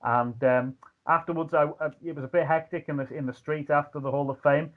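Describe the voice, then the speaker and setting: Scouse guest, casual anecdote-teller, slightly high, tinny call audio. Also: male voice, fairly quick. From Liverpool, England. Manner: animated anecdotes with frequent fillers and shouted impressions. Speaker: guest, ring announcer. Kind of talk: casual chat, storytelling. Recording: tinny phone-like line.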